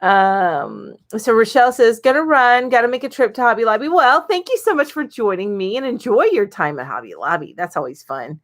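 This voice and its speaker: A woman's voice: a little high, big pitch swings, a little fast, few pauses. A middle-aged woman hosting a casual live-stream chat, reading viewer comments aloud and chatting about them with lots of ums and little laughs.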